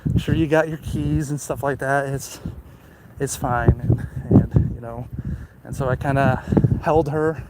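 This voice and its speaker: A man's voice: medium pitch, steady tone, measured pace. A man casually telling a story while walking outdoors, rambling with many fillers and restarts. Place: outdoors on a walk. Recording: loud outdoor noise.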